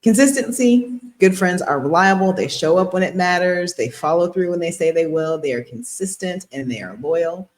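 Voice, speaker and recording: A woman's voice: lowish voice, expressive, moderate pace, few pauses. A woman co-hosting a podcast as a relationship therapist, talking earnestly and explaining things in casual chat, often breaking into giggles.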